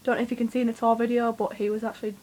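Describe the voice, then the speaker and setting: A young woman, telling a rambling, excitable story to camera, swearing freely and with lots of fillers. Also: fairly high pitch, very fast, low-quality recording. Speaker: vlogger.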